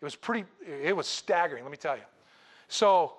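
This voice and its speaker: A male preacher tells a story from the pulpit with lots of drama. His voice sits a little high and swings from loud, excited bursts to quiet, hushed lines. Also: brisk. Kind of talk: sermon with personal story.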